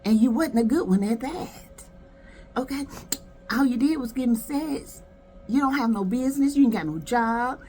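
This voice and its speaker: A woman's voice: fairly high pitch, lively intonation, moderate pace, a little mellow. Sassy lady spilling tea on skits, voice jumps all over, lil music behind. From South Carolina, US. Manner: sassy, gossipy, dramatic asides. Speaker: video reviewer. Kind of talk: casual commentary.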